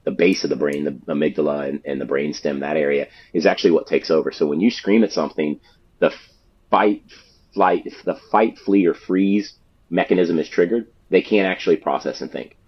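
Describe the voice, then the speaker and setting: A man's voice: extremely low pitch, fairly quick, husky, dull audio. A man, a youth sports coach and author, giving earnest explanatory answers as an interview guest.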